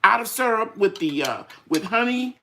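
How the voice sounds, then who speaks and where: The gardening host here is an older woman whose fairly high voice has lively intonation and a sharp tone, at normal speed, with a little hiss or hum in the audio. She chats casually on her live stream, full of stories and imitated voices, while sounding slightly tired with draining sinuses.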